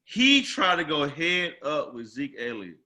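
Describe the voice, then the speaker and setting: Sports talk host, male, high and very sharp-toned voice, emphatic rambling delivery. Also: very animated, measured pace. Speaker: podcast host.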